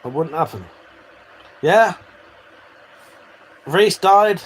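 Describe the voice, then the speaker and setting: Animated British man streaming live. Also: a little high, a little slow, pauses often, a little hiss or hum. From United Kingdom. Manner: swears freely, animated banter and teasing. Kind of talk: casual live-stream chat with viewers.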